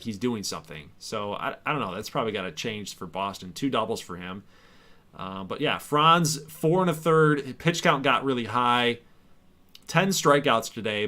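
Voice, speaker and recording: A young man hosting a live stream, commentating a baseball video game with playful trash talk and sudden loud outbursts. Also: medium pitch. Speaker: gaming streamer and league host.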